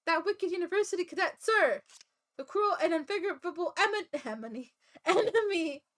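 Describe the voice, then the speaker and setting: A woman with a very high-pitched, fairly bright voice and lively intonation reads a stiff military cadet at a moderate pace. There is slight background noise.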